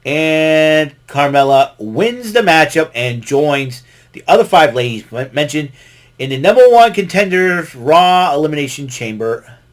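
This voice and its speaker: Man host, fairly high voice, loose rambling recap full of fillers and chuckles. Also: animated, unhurried. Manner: rambling, many fillers and restarts, chuckles often. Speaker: podcast host recapping wrestling. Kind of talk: casual recap monologue.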